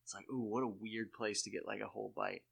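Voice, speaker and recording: Animated man in loose casual chat. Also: quick pace, gravelly, slightly rough. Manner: animated, acts out characters in high put-on voices; profane, rambling. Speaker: podcast co-host.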